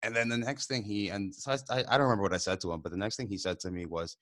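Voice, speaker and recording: A man, an immigrant, co-hosting a podcast and telling a personal story in casual conversation, animated and often laughing. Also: fairly low pitch, racing. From immigrant to the country. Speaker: podcast co-host.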